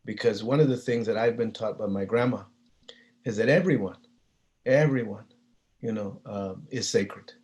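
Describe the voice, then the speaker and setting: A man's voice: fairly low pitch, normal speed, darkish tone. A man giving a keynote talk, telling stories in a humble, conversational way, with frequent fillers and restarts. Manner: hesitant, with many fillers and restarts. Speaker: keynote speaker.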